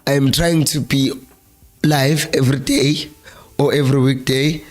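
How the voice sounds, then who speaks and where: A hoarse South African man with a flu-worn voice, hosting a live-streamed football chat in a Zulu-accented mix of English and Zulu and reading viewer comments aloud. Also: medium pitch, steady tone, measured pace, soft background music. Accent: South African, Zulu-speaking. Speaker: fan channel host.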